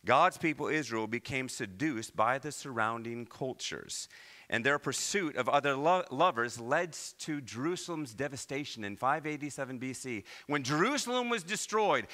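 A man from Iowa preaching a sermon as pastor, with animated delivery and many rhetorical questions. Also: medium pitch. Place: church.

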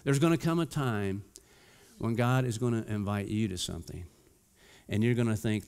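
A man preaching a sermon as pastor, telling a funny personal story in a lively, playful way and acting out the lines he quotes. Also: medium pitch, moderate pace, clear, resonant tone. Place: church sanctuary. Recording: church hall reverb.

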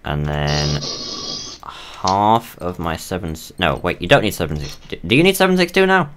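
While playing a co-op game on stream, this man banters with his teammate, cracking jokes and putting on fake British and Australian accents. He speaks in a low voice at a moderate pace with big swings in pitch, over a noisy background.

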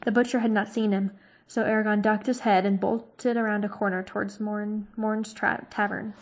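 A woman reads a fantasy novel aloud as a storybook narrator. Her narration is steady and unhurried, with small slips she corrects as she goes. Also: mid-range voice. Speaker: reader.

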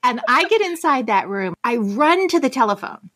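A woman's voice: high voice, sing-song, normal speed, sharp tone. A middle-aged woman telling a personal anecdote as a guest, acting out the quoted lines expressively. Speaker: guest storyteller.

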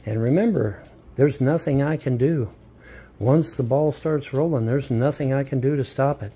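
A man's voice: mid-range voice, normal speed, warm tone, slightly rough. A man rambling casually while filming himself outdoors by a mobile home. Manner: rambling, talks baby talk to dogs. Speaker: vlogger filmed by commentator. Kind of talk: casual self-filmed vlog.

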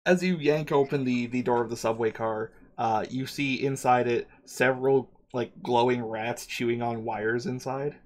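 A man's voice: medium pitch, steady tone. Man running a tabletop game. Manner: halting narration with frequent ums and uhs. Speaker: game master.

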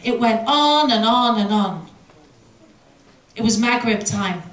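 A middle-aged British woman speaks earnestly and emotionally to a gathered audience. Her voice sits a little high and comes from some distance off the mic, ringing through a large echoing hall. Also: animated, takes it slowly, a bit bright. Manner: emotional, earnest, vivid storytelling. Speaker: guest speaker. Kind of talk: storytelling talk and closing prayer. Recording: echoey hall, voice from afar.

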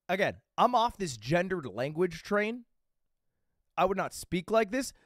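A man with a slightly high voice that swings widely up and down, spinning a loose, profane story for his live chat. He keeps stopping to check in with quick asides before charging on, and the sound is close and dry with no room around it. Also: no echo. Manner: animated, rambling anecdotes with frequent "okay?" and "right?" check-ins; casual and profane. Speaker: livestreamer.

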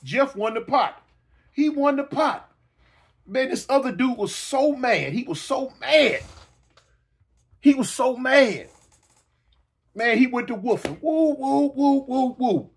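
Man, middle-aged, casual storytelling, high-pitched, sound effects, hiccups. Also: slow, pauses often, breathy edge. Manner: animated, repetitive, with sound effects.

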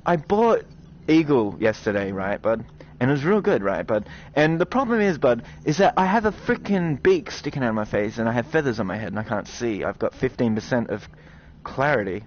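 A man hosting a gaming video, talking to his viewers in excited, animated commentary, quick to swear and exclaim. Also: mid-range voice, a little hiss or hum. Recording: slightly dull recording with game music.

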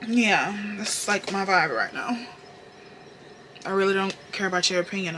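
A woman's voice: mid-range voice, moderate pace, pushed and bright, slight background noise. A young woman with a Southern Carolina accent, chatting casually through a makeup tutorial in a sassy, profane, playful way. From North Carolina, US. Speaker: beauty vlogger.

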